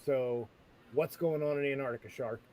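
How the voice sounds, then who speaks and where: A man's voice: mid-range voice, moderate pace, darkish tone, a little hiss or hum. Playful man dropping hot takes. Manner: playful, dropping bold opinions, laughing often. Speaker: host. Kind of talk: casual chat.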